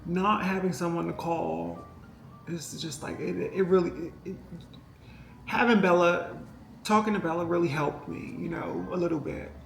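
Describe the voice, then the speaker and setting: A woman's voice: on the low side, steady tone, moderate pace, creaky. A woman vlogger telling a story in a casual, rambling and emotional way, with many fillers and asides to her viewers. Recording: echoey room with faint music behind.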